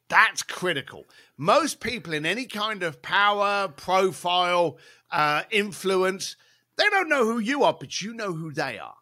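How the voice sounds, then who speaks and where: The same kind of interview guest, his voice high-pitched and a little slow, spins a salty story for the podcast. He's lively and animated, laughing often and wandering into asides.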